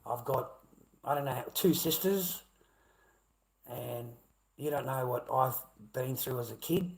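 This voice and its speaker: A man's voice: mid-range voice, unhurried, creaky. A middle-aged man with an Australian accent ranting bluntly at his live chat, swearing heavily and repeating himself. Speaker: livestreamer.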